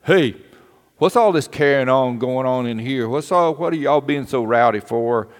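A man playing a gruff school official who scolds loudly. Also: mid-range voice, normal speed, close to an everyday voice. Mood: scolding. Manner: loud, scolding. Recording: long hall reverb.

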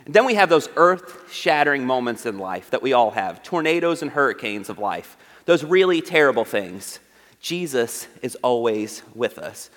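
A man giving a conversational sermon as pastor, acting out the disciples' lines in raised voices and dropping softly to stress his points. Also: mid-range voice, big pitch swings, moderate pace, few pauses, long reverb tail. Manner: conversational preaching, acts out the disciples' voices, drops to soft earnest tones. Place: church sanctuary.

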